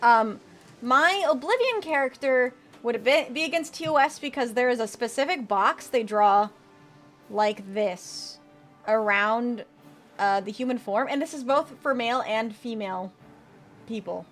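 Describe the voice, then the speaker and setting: With soft background music playing, this VTuber talks a little slowly in a fairly high voice. She chats casually during her game stream, reading out her chat, replying, and swearing now and then.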